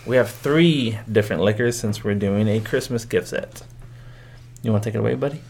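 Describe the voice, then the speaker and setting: A man's voice: lowish voice, fairly quick, vocal fry, a little mellow, a little hiss or hum. A man hosting a podcast in casual chat, loose and laughing, swearing freely. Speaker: podcast host.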